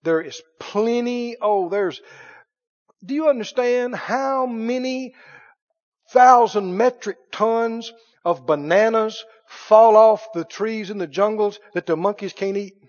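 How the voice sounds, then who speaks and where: High-voiced folksy preacher, lo-fi. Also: male voice, slow pace. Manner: folksy, swinging from hushed lines to loud exclamations. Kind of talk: sermon. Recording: dull lo-fi sermon recording.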